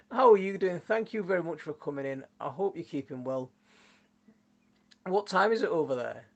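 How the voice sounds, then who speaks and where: Yorkshire guy rambling thru a garden livestream, reading comments, laughs loads, medium-high voice, phone mic. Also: animated, normal speed, vocal fry, dull audio. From Yorkshire, England. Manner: rambling, chatty, laughs often. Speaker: gardening channel host. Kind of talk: casual live-stream chat reading viewer comments.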